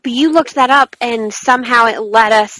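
A woman's voice: on the high side, moderate pace, pushed and bright, dry recording, rough recording. A woman co-hosting a casual podcast chat, talking loosely, laughing at her own slips and stumbling over words now and then. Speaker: podcast co-host. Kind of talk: casual chat and reading a book blurb aloud.

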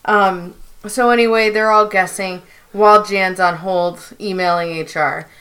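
A woman in casual podcast chat, retelling scenes with animated energy. Her voice sits in a middle pitch. She slips into quick, lively impressions of the characters' lines. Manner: animated storytelling with quoted lines. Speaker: podcast co-host recapping a TV episode.

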